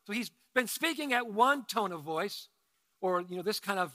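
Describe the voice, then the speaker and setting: Bright-voiced preaching man in a hall. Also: high-pitched, normal speed. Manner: conversational preaching, rising to loud emphatic bursts. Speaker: pastor. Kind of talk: sermon.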